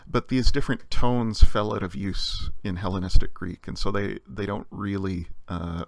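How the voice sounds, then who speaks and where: Male lecturer, low gravelly voice, patient explainer with many "uh"s, dry close mic. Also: fairly bright tone, no room sound. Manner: patient and explanatory, frequent "uh" fillers. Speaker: teacher. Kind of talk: recorded language lecture.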